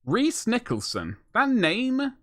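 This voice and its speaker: A man's voice: very high voice, wildly swooping pitch, slow pace, fairly bright tone, dry recording, clean studio sound. Jokey rambling male streamer. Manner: rambling, jokey, self-mocking asides. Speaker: streamer painting miniatures. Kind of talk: casual live-stream chat.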